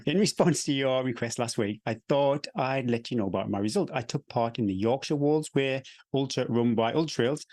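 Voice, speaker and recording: A man's voice: medium pitch, animated, normal speed, a little mellow, no echo. A man co-hosting a running podcast, chatty and easygoing, reading out listener messages and laughing often. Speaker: podcast co-host. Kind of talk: casual podcast chat.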